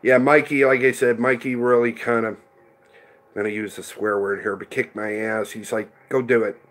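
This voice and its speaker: A man's voice: fairly low pitch, level tone, normal speed, a bit bright. A middle-aged man hosting a casual livestream, chatting rambly and answering viewers by name. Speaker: livestream host reading chat.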